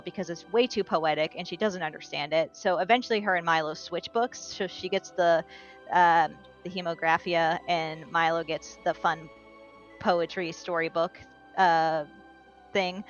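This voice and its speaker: A woman's voice: fairly low pitch, fairly bright tone. Chatty woman recapping a tabletop session. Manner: chatty, self-correcting storytelling. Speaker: player giving a session recap. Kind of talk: casual recap of a tabletop game. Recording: dull lo-fi recording with faint music.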